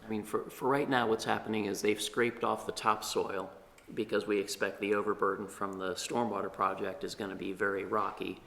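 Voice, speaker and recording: A man on town staff giving a measured, hesitant meeting report in a meeting room, with many pauses. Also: lowish voice, flat delivery, vocal fry, fairly bright tone.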